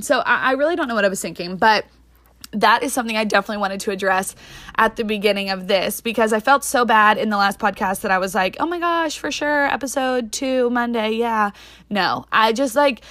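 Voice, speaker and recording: A young woman chats on her own podcast, rushing through her thoughts with plenty of "like" and "um." Her voice sits at a middling pitch and is recorded close and dry, with no room echo. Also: a bit bright. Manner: fast rambling talk with many fillers. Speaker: podcast host. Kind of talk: casual solo podcast chat.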